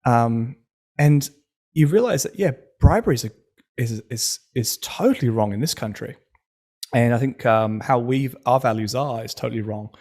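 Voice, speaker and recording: A man hosts a relaxed conversation and tells stories with enthusiasm. He often drifts into playful tangents before finding his way back. His voice sits in an ordinary middle pitch. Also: moderate pace. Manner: enthusiastic storyteller, goes off on tangents. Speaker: podcast host. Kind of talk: casual conversational interview.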